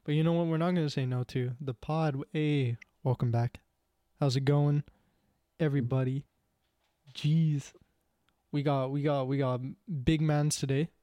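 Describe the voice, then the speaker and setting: A man's voice: a little high, steady tone, measured pace, long pauses, dark tone, no room sound. Teasing young man hosting a podcast. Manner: teasing, laughing, mock-accusing. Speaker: podcast host. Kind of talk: casual banter.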